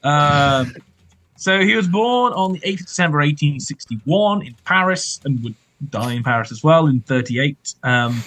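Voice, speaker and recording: A man's voice: on the high side, lively intonation, unhurried, a bit bright, no echo, low-quality recording. A man chatting casually about film history as a podcast co-host, rambling with lots of fillers and hedges.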